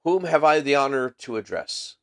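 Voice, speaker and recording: A man voicing a sharp, cool-headed detective who speaks in a dry, assured way. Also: medium pitch, expressive, moderate pace, pitched above the performer's own voice, natural voice.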